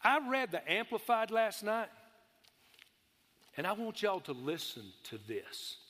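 A man preaches with a high, ringing voice. He presses his points hard, asks the room for amens and slows right down on the words he wants to land. The sound carries a long reverb from the church hall. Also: sing-song, sharp tone. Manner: emphatic, calls for amens, drawls key words slowly. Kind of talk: sermon.

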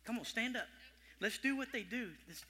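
A male preacher delivering an animated sermon, dropping to whispers and rising to loud calls. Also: extremely high pitch, moderate pace. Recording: long hall reverb.

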